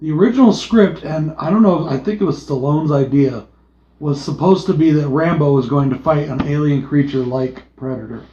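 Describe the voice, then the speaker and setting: Recorded with a dull, lo-fi sound in an echoey space, a podcast co-host chats through a movie review in an easygoing, jokey way, cursing freely. His voice is dark and somewhat high, and he speaks at a moderate pace.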